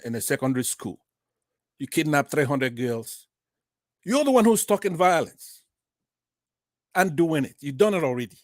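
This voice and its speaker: An impassioned Nigerian man speaking as a caller on a political talk broadcast. His voice sits at an ordinary middle pitch and sounds dry and close, with no room around it. He moves from quiet, halting starts to loud, indignant outbursts. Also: dry recording. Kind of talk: impassioned political call-in speech.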